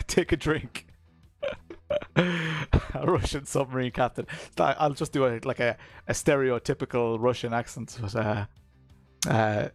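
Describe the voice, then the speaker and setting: A man's voice: medium pitch, steady tone, a little slow, no echo, faint music behind. Laughing sim-racing streamer man. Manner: rambling, laughs often, self-mocking. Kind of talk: casual live-stream chat. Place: home at night, kids asleep upstairs.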